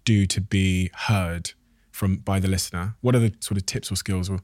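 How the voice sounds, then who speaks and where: A man's voice: low-pitched, steady tone, normal speed, a little mellow, no room sound, clean studio sound. A man interviewing, asking curious, probing questions in a casual conversation.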